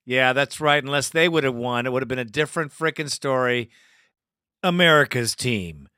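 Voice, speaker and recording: A man's voice: mid-range voice, moderate pace, sharp tone, dry recording, studio quality. A man hosting a fan call-in show, talking in loose, profane, hyped-up banter. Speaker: podcast host.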